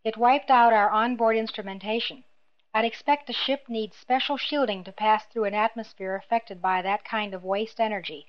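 A woman voicing a wary, sharp-tongued young princess in a storybook reading. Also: fairly high pitch, fairly even intonation, moderate pace, lightly acted. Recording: dull lo-fi recording.

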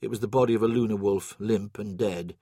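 A man's voice: fairly low pitch, fairly even intonation, a little fast, warm tone, husky, no echo. Man narrating a story in a dry, close sound. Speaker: audiobook narrator.

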